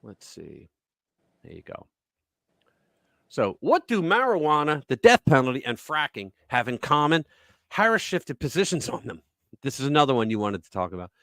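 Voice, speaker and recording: A man's voice: mid-range voice, wildly swooping pitch, normal speed, creaky, long pauses, a bit bright, no room sound. A middle-aged man hosting a casual talk show, rambling through stories and acting out the people in them. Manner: rambling storyteller, acts out quotes. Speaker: podcast host.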